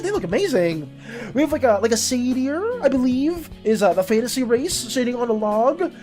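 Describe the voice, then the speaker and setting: A woman artist streamer chatting casually on a live stream, animated and chatty as she greets and thanks viewers. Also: high voice, normal speed, soft background music.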